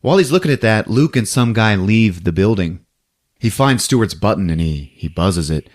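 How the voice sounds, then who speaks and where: A man's voice: on the low side, animated. A man on a podcast retelling a film scene by scene, laughing often and acting out the characters' lines. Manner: laughs often, acts out movie lines in quick voices. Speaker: podcast co-host recapping a film. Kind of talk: animated casual retelling.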